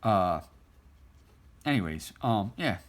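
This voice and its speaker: A middle-aged man with a fairly low voice tells an old story while he draws. He rambles and restarts, and he laughs often as he talks. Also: very animated, slow pace. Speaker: artist drawing on stream. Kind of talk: casual storytelling while drawing.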